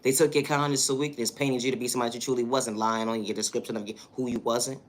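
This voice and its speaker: A man's voice: mid-range voice, flat delivery, fast. A man hosting a livestream and speaking a motivational monologue, with affirming lines and repeated catchphrases. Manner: repetitive, affirming, rhythmic catchphrases. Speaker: livestream host.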